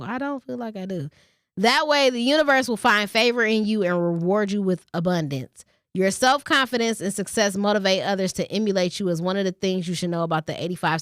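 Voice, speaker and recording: A woman's voice: medium pitch, fairly bright tone, dry recording, clean studio sound. A woman vlogger who reads a short passage aloud, then rants casually and bluntly with plenty of swearing. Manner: profane, blunt storytelling with ranting asides. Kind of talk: casual storytelling vlog.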